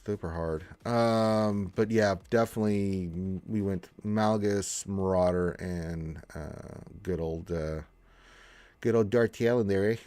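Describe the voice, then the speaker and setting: A man's voice: deep voice, takes it slowly, darkish tone, dry recording. A man hosting a live game stream, congested from allergies, chatting in a laid-back, rambling way as he reads viewer comments.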